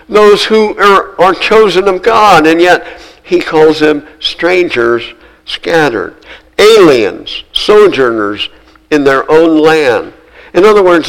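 A man preaching a sermon, earnest and emphatic, repeating phrases and slowing down to stress key words. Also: mid-range voice, creaky, poor audio.

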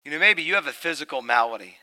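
A middle-aged man preaching a sermon. He tells a family story, then turns loud and emphatic. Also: on the high side, expressive, quick pace, low-quality recording.

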